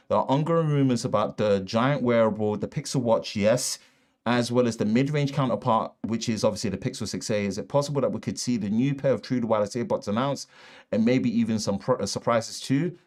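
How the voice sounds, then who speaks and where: A man's voice: mid-range voice, a little fast, a little mellow. Casual rambling Northern English man host. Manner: casual, rambling, reads news with asides and restarts. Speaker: tech show host. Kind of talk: live-stream tech chat. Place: home studio with acoustic treatment. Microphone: shotgun mic.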